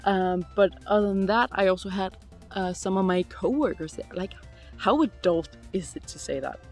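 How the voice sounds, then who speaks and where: Faint music plays behind a woman in her twenties who is casually fielding viewer questions for her vlog over a phone mic. Chatty and giggly, she leans heavily on "like," speaking in a mid-range voice at an even pace.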